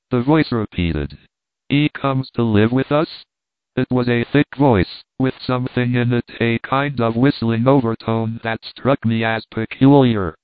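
A man narrates a story in a steady, measured voice of middling pitch. The sound is thin and phone-like, and it is dry and close, with no room around it. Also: clear, resonant tone, dry recording. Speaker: audiobook narrator. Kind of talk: scripted narration. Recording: tinny phone-like dry recording.

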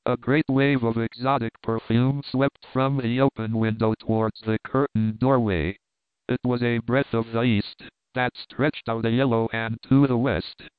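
A man giving a scripted, even narration of a mystery novel as an audiobook. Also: medium pitch, unhurried, clean tone, no echo. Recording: dry, tinny narrow-band audio.

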